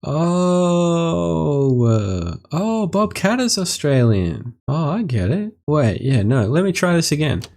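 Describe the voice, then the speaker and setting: A young man hosting a casual, jokey card game deck review, irreverent and profane with quick comic asides. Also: fairly high pitch, big pitch swings, darkish tone. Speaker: host.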